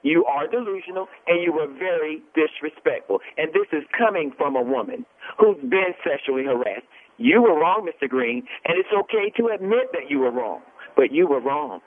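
A woman with a low voice calling in to a radio show, talking bluntly and repeating her points. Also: lively intonation, normal speed. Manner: blunt, emphatic, repeats herself. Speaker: caller. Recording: tinny phone line with faint hiss.

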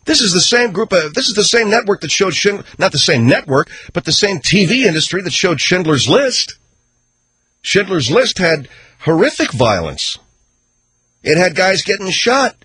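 A man hosting a talk radio show, giving opinionated commentary in a ranting, sarcastic way. He swings between loud outbursts and low mutters. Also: sing-song, moderate pace, slightly rough, dry recording.

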